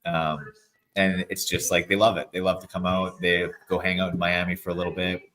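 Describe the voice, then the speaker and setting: In a deep voice and at a fairly quick clip, a man in his thirties talks through an interview as a guest athlete. His answers are relaxed and rambling, heavy with "like" fillers. The recording is low quality.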